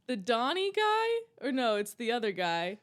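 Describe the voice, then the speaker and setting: A woman's voice: on the high side, very animated, moderate pace. A woman co-hosting a movie podcast in casual chat, talking enthusiastically with lots of "like" and laughter. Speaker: podcast co-host.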